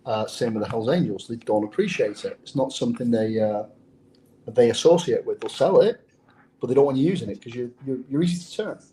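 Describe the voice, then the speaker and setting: A man's voice: mid-range voice, a little fast, warm tone, slight background noise, low-quality recording. An English man who is a former undercover police officer, telling a story in an interview in a blunt, profane way. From England.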